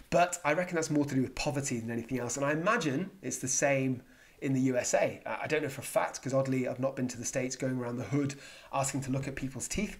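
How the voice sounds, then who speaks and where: A man with an English accent, a psychiatrist hosting a jokey explainer vlog in a playful, self-mocking way. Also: medium pitch. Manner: playful, self-mocking, dad-joke humour. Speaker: psychiatrist and video host.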